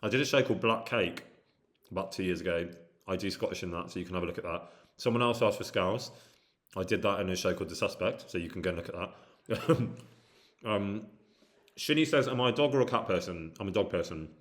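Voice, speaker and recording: A man's voice: low-pitched, brisk, a bit bright. A man streaming casually, reading out viewer questions and answering them in a rambling way with many hesitant fillers. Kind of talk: casual live-stream chat.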